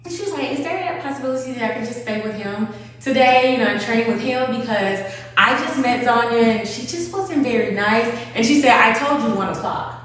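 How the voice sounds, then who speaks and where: A woman's voice: fairly high pitch, fairly quick. A woman hosting a casual talk, telling a story bluntly and acting out the people in it. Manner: blunt, animated storyteller with quoted voices. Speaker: host. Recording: echoey room, far from mic.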